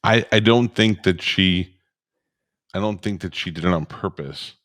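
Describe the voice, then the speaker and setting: A man's voice: deep voice, unhurried, fairly bright tone, no echo, studio quality. A man co-hosting a podcast in casual chat, blunt and telling stories with acted-out dialogue. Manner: blunt, storytelling with reenacted dialogue. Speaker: podcast co-host.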